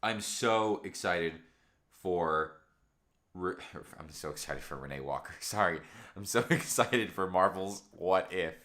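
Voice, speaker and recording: A young man hosting a late-night livestream at home, rambling excitedly about shows in casual chat through a camera microphone. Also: unhurried. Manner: excited, rambling fan chatter with lively swings in pitch. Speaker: livestream host.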